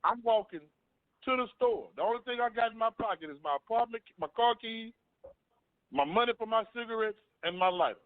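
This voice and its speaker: A man's voice: high-pitched, lively intonation, brisk, no room sound. Earnest man telling a story over a phone line. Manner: earnest, storytelling, repeats himself. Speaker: panel guest. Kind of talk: personal story on a talk panel. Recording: dry phone-line sound.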